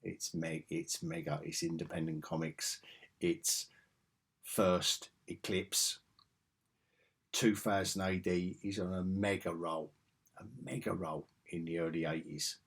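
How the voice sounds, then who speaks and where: A man in his fifties rambles eagerly through a nostalgic vlog, his voice husky and a little rough. He takes his time, drawling and circling back on his own words as he goes. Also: sits low, fairly even intonation, slow pace. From England. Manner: enthusiastic and rambling, with frequent restarts. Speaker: comics vlogger. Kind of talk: casual nostalgic monologue.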